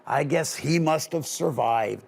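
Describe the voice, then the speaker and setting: A man voicing an ancient, wise male gnome elder who speaks slowly and solemnly. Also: fairly high pitch, lively intonation, creaky, heavily acted. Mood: grave. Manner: slow, measured, solemn delivery.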